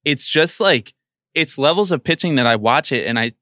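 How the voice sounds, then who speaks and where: A man's voice: on the high side, lively intonation, moderate pace, pushed and bright, dry recording, studio quality. A young man on a podcast in casual chat, jokey and teasing, speaking with emphasis. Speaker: podcast panelist.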